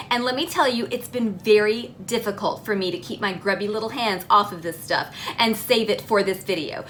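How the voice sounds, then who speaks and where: A woman's voice: on the high side, a bit bright, slight background noise. A young adult woman hosting a casual haul video, playful and self-mocking, with the odd swear. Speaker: beauty vlogger.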